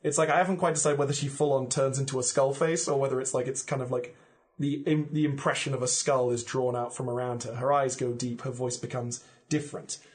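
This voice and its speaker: A man as a podcast guest, casually pitching a story in vivid, descriptive detail with plenty of "like" fillers. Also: flat delivery, brisk.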